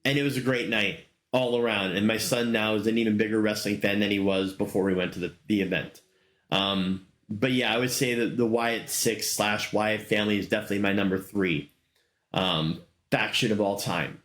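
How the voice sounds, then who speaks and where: A man's voice: lowish voice, steady tone, normal speed, fairly bright tone. A middle-aged man hosting a casual solo talk show, rambling enthusiastically with many fillers. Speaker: podcast host. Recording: roomy echo.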